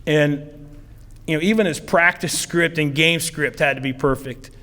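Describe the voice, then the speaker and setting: Middle-aged coach, heartfelt hall speech. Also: male voice, a little high, a little slow, sharp tone. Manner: rambling, heartfelt storytelling with many fillers. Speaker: football coach, hall of fame inductee. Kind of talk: acceptance speech. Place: ceremony hall. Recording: long hall reverb.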